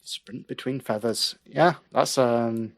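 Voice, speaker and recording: A man's voice: medium pitch, takes it slowly, gravelly. A man who is a guest on a casual podcast. He laughs often and plays along with mock indignation.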